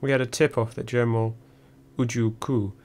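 A man reading a first-person memoir audiobook in a measured, dry storytelling manner. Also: medium pitch, little pitch movement, a little mellow. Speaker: audiobook narrator.

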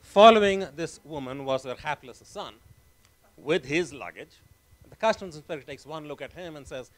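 A man's voice: a little high, normal speed. A middle-aged man giving a humorous family tribute speech at an honoring event, telling a story with dry, wry asides. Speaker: son of the honoree, family speaker.

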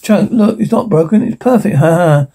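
A man reading out the lines of a clumsy, boastful boy in a film script, in a raised voice with a gravelly edge. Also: high-pitched, expressive, normal speed, dark tone, full character voice. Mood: relieved. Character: chubby clumsy boy prone to tall tales.

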